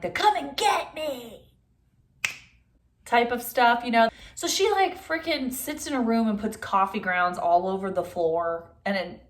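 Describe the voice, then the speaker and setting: In her vlog, a young woman with a mid-range voice gives a chatty, fed-up take on a movie, peppering her talk with a constant flow of "like."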